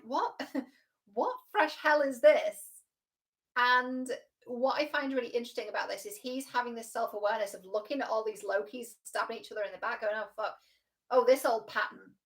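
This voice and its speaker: A woman relationship coach giving casual reaction commentary, frank and animated, swearing freely. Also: a little high.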